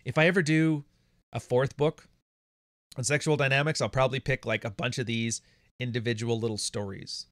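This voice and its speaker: A man's voice: medium pitch, steady tone, moderate pace, dry recording, clean studio sound. Blunt, profane man hosting a show. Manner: blunt, profane, laughs often. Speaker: podcast host. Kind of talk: casual monologue to viewers. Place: home studio.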